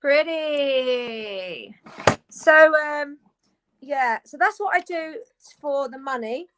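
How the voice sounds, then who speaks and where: A woman guest on a casual live video chat, lively and candid, talking from her beauty room at home. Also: sits high, takes it slowly, noisy background. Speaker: guest, actress. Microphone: video call.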